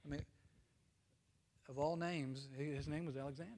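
An American man preaches from the pulpit in an earnest, emphatic way, his slightly high voice swelling on key phrases and then sinking to a near hush. The long reverb of a church sanctuary trails behind every word. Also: fairly even intonation, fast talker. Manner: earnest, swings between emphatic and hushed, frequent "you see?". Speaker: pastor. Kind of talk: sermon.

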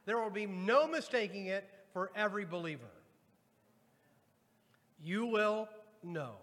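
A man's voice: high voice, animated, unhurried, a bit bright. A pastor preaching a sermon to his congregation, reading scripture aloud and addressing the people directly. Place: church sanctuary. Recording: long hall reverb.

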